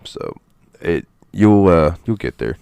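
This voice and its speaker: A deep-voiced man rambling through a casual gaming podcast chat, full of fillers and offhand swearing. His low voice sits dry and close, with no room sound around it. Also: very animated, slow, creaky, warm tone, smooth, dry recording. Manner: rambling, loose, swears freely, many fillers. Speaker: podcast co-host.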